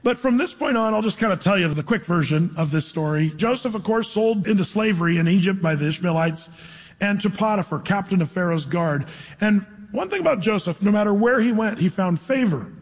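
Husky high-voiced male preacher in a reverberant hall. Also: animated. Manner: informal storytelling with dramatic slow reading. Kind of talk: sermon, reading scripture then retelling the story. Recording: long reverb of a large hall.

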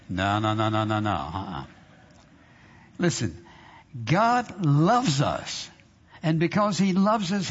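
A male pastor preaching a sermon with emphasis, drawing out scripture readings slowly and repeating phrases for effect. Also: mid-range voice. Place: church sanctuary. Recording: dull sound in a long-reverb hall.

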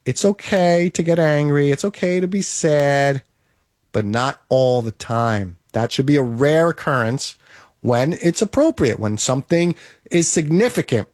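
A man delivers a motivational monologue in a slightly high voice, driving his points home through emphatic repetition. The recording is dry, with no room echo around him. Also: darkish tone.

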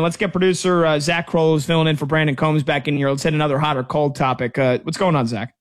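A man's voice: on the high side, fairly even intonation, fast talker, few pauses. A man in his thirties hosting a sports talk radio show, chatting casually and telling stories with a self-deprecating touch. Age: 30s.

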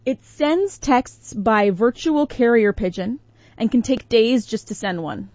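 A woman's voice: fairly high pitch, expressive, a little slow, a little mellow, no room sound, lo-fi sound. A woman co-hosting a morning radio show, chatting casually and playfully and laughing as she talks. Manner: playful, laughs while talking. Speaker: radio co-host.

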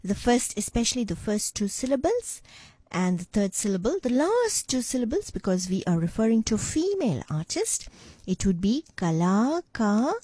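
A woman's voice: fairly high pitch, big pitch swings, moderate pace, warm tone, slightly rough, dry recording. A woman presenting a radio language lesson in a studio, encouraging and drawing out syllables as she teaches.

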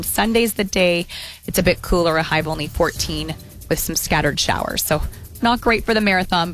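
A woman's voice: on the low side, a bit bright, low-quality recording. A woman presenting the weather on morning radio and chatting with the hosts. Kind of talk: radio weather report and chat.

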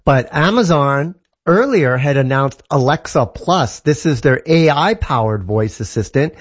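A man's voice: medium pitch, animated, unhurried, muffled recording. A man from Canada explaining tech in a casual, enthusiastic, rambling way, with lots of fillers and restarts. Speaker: tech guest. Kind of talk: casual tech talk segment.

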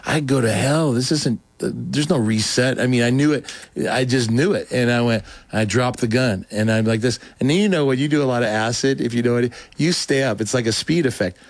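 Man, middle-aged, casual storytelling, rambling with false starts, acts out quoted voices, medium pitch, dry close sound. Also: a little fast, no echo. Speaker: guest telling his conversion story.

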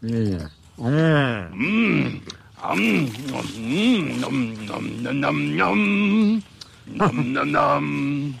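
A man voicing the puppet Cookie Monster, a gravelly furry monster humming a tune while munching cookies in a show clip. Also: medium pitch, expressive, drawn-out words, pauses often, exaggerated voice. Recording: clip with loud background noise.

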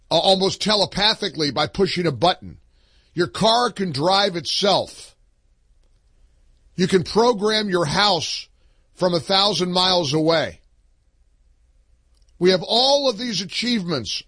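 Man, opinion monologue, husky, high and lively pitch, mocking, slow delivery. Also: no echo. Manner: sarcastic, mocking, animated. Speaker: political commentator.

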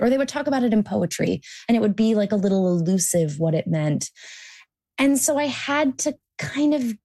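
A young American woman speaks as a guest on a radio interview. Her voice is warm and mellow at an ordinary pitch. She thinks aloud, circling back with restarts and casual fillers. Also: gravelly. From United States. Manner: thoughtful, rambling with restarts and "like". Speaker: cartoonist guest.

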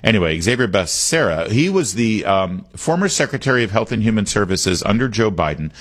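A middle-aged man with a low voice hosts a political call-in radio show. He talks in an animated, wandering way and leans hard on his points. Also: fairly quick. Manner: animated, digressive, emphatic. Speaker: radio talk show host. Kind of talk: political talk radio monologue.

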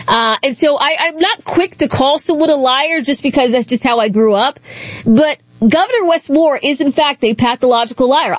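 Woman, nasal, high voice, dry close sound, sarcastic talk host, laughs often. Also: no room sound. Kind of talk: casual political commentary.

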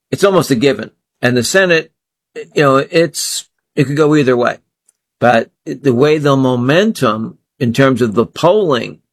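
A man hosting a solo political commentary show, talking in an indignant, scornful way and piling up phrase after phrase. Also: medium pitch.

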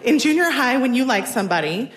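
A woman's voice: high-pitched, lively intonation, quick pace, slight background noise. Wry woman storyteller in her forties. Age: 40s. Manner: wry, self-deprecating humor. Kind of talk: live personal storytelling.

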